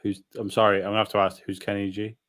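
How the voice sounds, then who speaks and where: A man's voice: lowish voice, level tone, rapid-fire, a crowd in the background. A man co-hosting a casual chat, making dry, teasing remarks and asking questions. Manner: wry, teasing, asks questions. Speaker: co-host.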